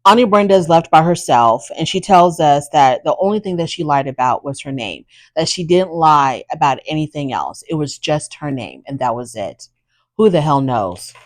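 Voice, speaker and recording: Chatty sassy woman recapping a reality show, lowish voice, dry close mic. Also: animated, normal speed, no room sound, poor audio. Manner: chatty, opinionated, sassy asides. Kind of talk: casual recap commentary.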